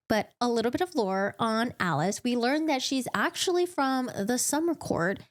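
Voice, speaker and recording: A woman's voice: high voice, lively intonation. Chatty young woman recapping a book. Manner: chatty, giggly, acts out characters in quick put-on voices. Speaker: book channel host.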